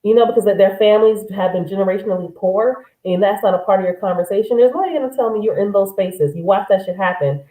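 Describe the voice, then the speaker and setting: A woman co-hosts a casual livestream, making her points bluntly and with emphasis. She talks quickly in a mellow, warm tone. Her voice carries a roomy echo. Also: mid-range voice. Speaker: podcast co-host.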